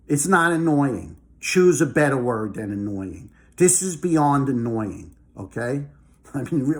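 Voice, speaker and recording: A man giving an angry, emphatic monologue about the markets, who keeps tagging his points with "okay?" and "all right?". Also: a little high. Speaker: market commentator. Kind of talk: casual ranting monologue.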